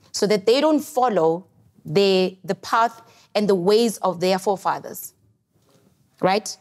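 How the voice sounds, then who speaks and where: A woman's voice: medium pitch, expressive, takes it slowly, long pauses, darkish tone. A woman with a South African accent, a podcast guest explaining things in an earnest, lecturing way. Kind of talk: podcast discussion.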